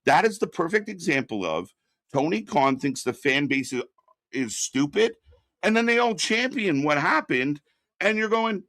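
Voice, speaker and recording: This man hosts a laid-back wrestling talk show, venting his opinions bluntly with heavy profanity in a casual podcast style. He speaks at a normal speed in a slightly high, somewhat bright voice whose pitch swings widely. The audio is clean studio quality without echo.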